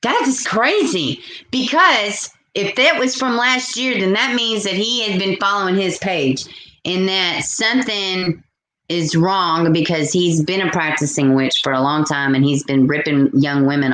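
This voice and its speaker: A woman hosting a casual live stream, chatting and reacting out loud to viewer comments. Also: fairly low pitch, roomy sound, a little hiss or hum. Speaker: live-stream host reading chat.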